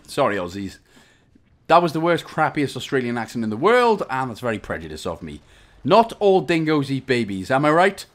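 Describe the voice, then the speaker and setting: A young Welsh man talking through a game walkthrough, giving step-by-step instructions broken up by jokey, rambling asides. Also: medium pitch. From Wales. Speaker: game guide narrator. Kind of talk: commentary over gameplay walkthrough.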